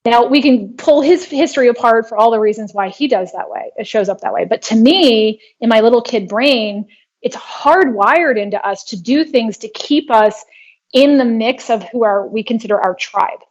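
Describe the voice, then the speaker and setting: A woman guest in an interview, explaining her work earnestly and telling a personal story in a steady way. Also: a little high. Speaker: guest, trauma healing practitioner. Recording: dull lo-fi sound.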